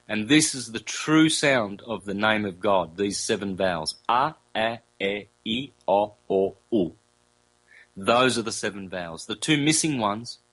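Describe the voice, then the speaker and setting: Man, interview guest, lowish voice, lecturing, repeats phrases, sounds out vowels one by one, casual fillers. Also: a bit bright, low-quality recording. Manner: loose, conversational, with fillers and self-corrections.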